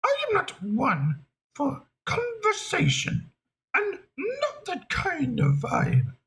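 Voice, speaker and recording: A voice actor putting on a haughty female pig diva in a slow, drawn-out, high-pitched voice. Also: huge pitch swings, fairly bright tone, full character voice. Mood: aloof.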